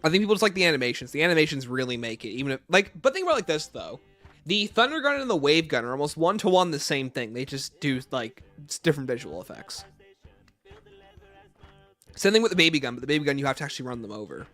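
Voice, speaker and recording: A man's voice: a little high, sing-song, fast talker, fairly bright tone, soft background music. A man hosting a casual livestream, reading viewer chat aloud and answering with blunt, opinionated takes. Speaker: livestream host.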